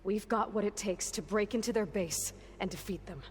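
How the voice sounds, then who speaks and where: A woman's voice: medium pitch, normal speed, big-room sound, a little hiss or hum, close to an everyday voice. An actress playing a resolute young woman hunter who firmly rallies her companions in a video game. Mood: rallying. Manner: firm, rallying.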